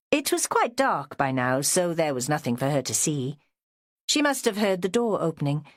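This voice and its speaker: Expressive woman audiobook narrator. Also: on the low side, no room sound, studio quality. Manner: expressive storytelling. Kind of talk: scripted narration.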